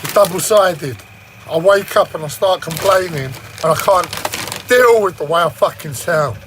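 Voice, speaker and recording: Brief: man ranting on a stream, whiny and strained, slightly high voice, faint noise behind. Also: unhurried, a bit bright, low-quality recording. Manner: agitated, heavy swearing, rambling. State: strained throat. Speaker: livestreamer. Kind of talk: ranting monologue.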